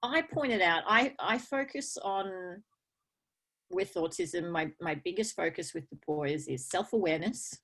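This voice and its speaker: A woman in casual conversation as a guest, chatty and laughing often, with halting fillers. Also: on the low side, expressive, a bit bright.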